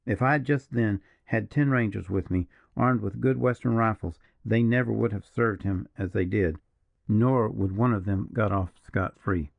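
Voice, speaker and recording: A grave, proud partisan officer, as a male reader voices him, low and gravelly, unhurried and measured. The recording is dry and a little dull. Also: dry recording. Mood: grim. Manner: slow, mournful, measured. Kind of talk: audiobook character reading.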